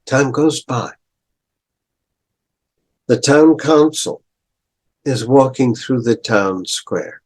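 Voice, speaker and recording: An older male professor retelling a story in a lecture, deliberate, clearing his throat and adding asides. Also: mid-range voice, animated.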